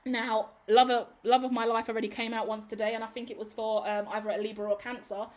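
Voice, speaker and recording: A woman with a somewhat high voice delivers a tarot reading straight to her audience. She talks in an emphatic, sassy, blunt way, like a pep talk that doesn't mince words. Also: little pitch movement, quick pace. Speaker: tarot reader. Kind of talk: tarot reading monologue to camera.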